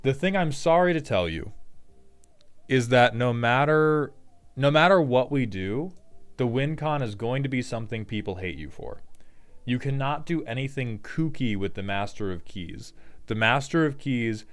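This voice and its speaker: A man's voice: medium pitch, animated, moderate pace. A man hosting a casual, jokey commentary on a card game deck, rambling with profane asides. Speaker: host.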